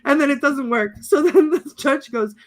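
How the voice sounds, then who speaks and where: High-voiced woman podcast co-host, giggly and breathless recapper. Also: animated, normal speed. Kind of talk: casual chat.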